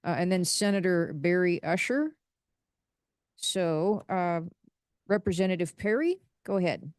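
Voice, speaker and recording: A woman's voice: lowish voice, expressive, a little slow, smooth, no echo, studio quality. A woman chairing a commission hearing, calling speakers in a procedural way with fillers. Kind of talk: meeting chairing.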